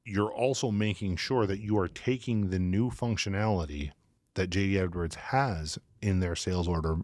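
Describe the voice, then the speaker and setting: Low-voiced man explaining methodically. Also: normal speed, darkish tone, no room sound, studio quality. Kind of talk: conversational podcast explanation.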